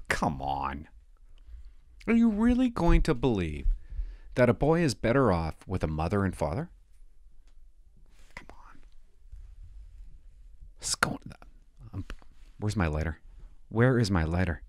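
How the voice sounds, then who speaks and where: A man's voice: low voice, big pitch swings, measured pace, pauses often, no room sound, studio quality. Sarcastic mock-outraged middle-aged man. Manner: sarcastic, mock-outraged, swings between loud outbursts and muttered asides. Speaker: stand-up comedian. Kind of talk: stand-up comedy with ironic reading.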